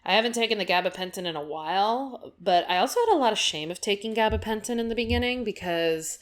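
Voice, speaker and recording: A woman's voice: medium pitch, expressive, fast talker. A young woman speaking casually and candidly, rambling through a personal story with many fillers and tangents. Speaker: art vlogger. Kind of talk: casual personal talk over a speed drawing.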